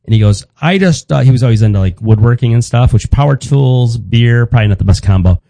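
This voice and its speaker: A man in his fifties tells a story in relaxed conversation, restarting sentences with wry humor. His voice is warm and dark, recorded dry and close with no room sound. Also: mid-range voice, quick pace, creaky, no room sound, low-quality recording. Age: 50s. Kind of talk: casual storytelling chat.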